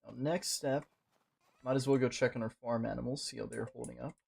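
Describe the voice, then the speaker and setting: A man's voice: mid-range voice, a little fast, gravelly, husky. A man giving casual, profane running commentary while playing a game, swearing at things on screen. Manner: profane, excitable, talks to the game. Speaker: gaming streamer.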